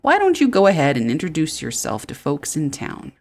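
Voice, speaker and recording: A woman voicing a friendly male town mayor in a farming game, speaking formally and warmly. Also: low-pitched, huge pitch swings, fairly quick, heavily acted. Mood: welcoming.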